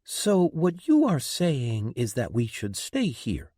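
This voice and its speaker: A man's voice: mid-range voice, wildly swooping pitch, slow pace, fairly bright tone, husky, no echo, clean studio sound, heavily acted. A man reading an audiobook, voicing a stubborn, anxious young woman who argues and pleads. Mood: arguing. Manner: pleading, argumentative.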